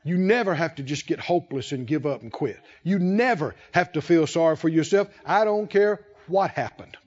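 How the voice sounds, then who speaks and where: A man preaching a sermon as pastor, emphatic and repetitive, building key phrases to shouts. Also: a little high, expressive, normal speed, lo-fi sound.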